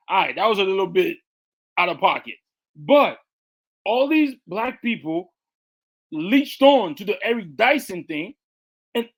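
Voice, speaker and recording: Emphatic man ranting on a podcast. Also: very high voice. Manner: emphatic, repeats words, animated rants. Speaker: podcast co-host. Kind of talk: casual commentary.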